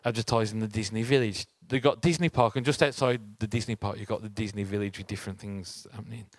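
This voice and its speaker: A man's voice: lowish voice, fast, no room sound. Man preaching in a chatty tone. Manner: chatty, asks the audience rhetorical questions. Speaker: church speaker. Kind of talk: conversational sermon with personal story.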